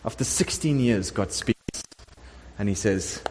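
A middle-aged man preaching a sermon as a pastor, telling the story in a lively way and acting out the voices of the people in it. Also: mid-range voice, measured pace. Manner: animated storytelling preacher, acts out quoted voices. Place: church sanctuary. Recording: long church hall reverb.

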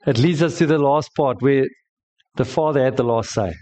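A man preaches to a congregation at a church service in a dark-toned, mid-range voice at a moderate pace. His sermon mixes emphatic storytelling with joking aimed at the people listening.

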